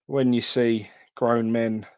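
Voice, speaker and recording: A man's voice: mid-range voice, level tone, slow, a little mellow, smooth, dry recording, dull audio. A man hosting a live trading card stream, chatting casually and calling viewers mate.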